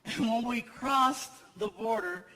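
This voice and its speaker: A man's voice: very high-pitched, slow. A man telling a stand-up comedy story on stage, acting out other people's voices. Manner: animated storyteller who acts out other characters' voices. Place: large theater with a live audience. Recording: live stage recording with audience noise.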